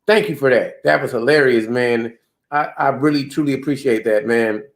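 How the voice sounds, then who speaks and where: A man's voice: mid-range voice, normal speed. A man hosting a casual livestream chat, laid-back and full of "man" and "dude". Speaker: livestream host.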